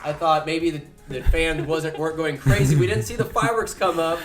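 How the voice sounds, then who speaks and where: A man telling a story in a casual podcast chat, animated and laughing often as he talks. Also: a little high, a little fast, over music. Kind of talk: casual locker-room chat.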